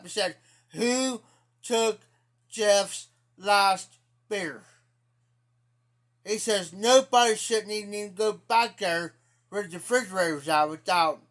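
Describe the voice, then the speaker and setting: Talking to his live-stream chat, a man with an Ohio accent and a high, slightly bright voice tells a casual, rambling story. He swears freely and keeps circling back over the same points.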